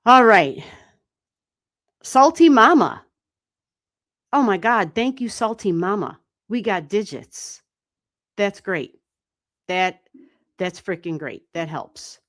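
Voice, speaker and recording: A woman giving live astrology readings on a stream, chatty and animated, swearing casually and laughing often. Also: fairly low pitch, slow pace. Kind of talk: casual livestream chat.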